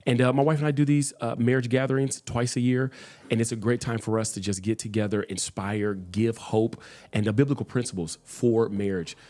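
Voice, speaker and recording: A man's voice: mid-range voice, steady tone, brisk, mellow. A man co-hosting a podcast in casual chat, agreeable and affirming, who promotes marriage gatherings he runs. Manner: agreeable, frequent backchannel affirmations. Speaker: co-host, marriage event organizer.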